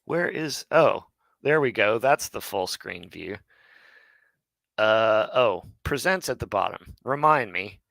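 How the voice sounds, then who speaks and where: A man's voice: lowish voice, lively intonation, slow pace, gravelly, a bit bright, no room sound. A man hosting a live online Hebrew lesson. He thinks aloud and corrects himself mid-sentence.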